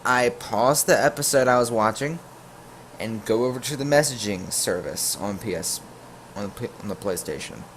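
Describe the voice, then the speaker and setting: A man casually telling a storytime tale to his viewers, full of jokey asides and quick self-corrections. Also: on the low side, expressive, a bit bright, slight background noise. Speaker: YouTube storyteller.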